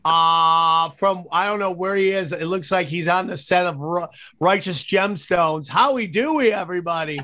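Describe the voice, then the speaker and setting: A man's voice: high-pitched, moderate pace, few pauses, bright, forceful tone. Joking male podcast host. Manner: joking, rambling. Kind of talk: casual chat. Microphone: video call.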